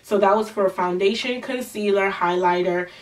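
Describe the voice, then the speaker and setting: A woman's voice: medium pitch, normal speed, far from the mic. Nasal young woman vlogging a makeup review, talks a bit away from the mic, gushy and full of ums. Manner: chatty, gushing, with frequent fillers and restarts. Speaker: beauty vlogger.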